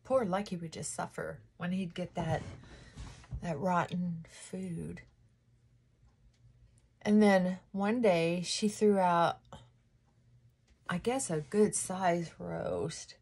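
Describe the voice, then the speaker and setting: Husky woman chatting while doing makeup. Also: fairly low pitch, fairly even intonation, takes it slowly, pauses often, a little mellow. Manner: rambling, self-interrupting, with frequent laughs and sighs. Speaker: lifestyle vlogger. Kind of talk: casual get-ready-with-me chat.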